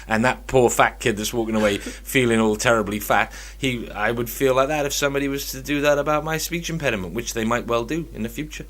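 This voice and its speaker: Guy on a chat podcast, jokey and teasing, bright punchy voice. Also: mid-range voice, quick pace, hardly any pauses. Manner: wry, teasing and joking. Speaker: podcast co-host. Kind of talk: casual chat.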